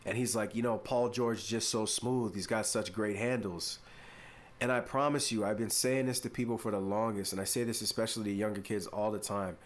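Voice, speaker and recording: A man hosting a sports podcast, giving casual, mock-exasperated opinion commentary with drawn-out, playful emphasis. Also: on the low side, fairly even intonation.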